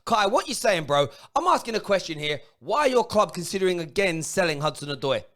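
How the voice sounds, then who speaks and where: A man's voice: sits high, big pitch swings, a little fast. A man hosting a football fan phone-in, ranting and swearing at viewers. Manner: ranting, swearing, shouting at fans. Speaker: football talk show host.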